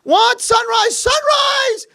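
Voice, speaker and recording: A man's voice: fairly high pitch, brisk, voice pushed up. A man doing a cheerful, kind old man. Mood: eager. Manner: lively, coaxing, enthusiastic.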